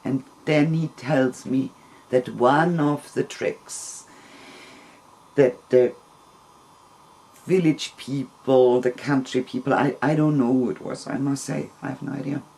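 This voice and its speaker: A man telling a long personal story in a casual, rambling, gentle way, with soft laughs between phrases. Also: mid-range voice, fairly even intonation, slow pace, vocal fry, husky.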